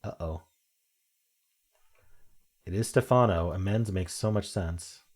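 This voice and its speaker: A crossword-solving video host thinks aloud as he works the puzzle, reading clues out and muttering guesses he's only half sure of. His voice is low and his pace slow.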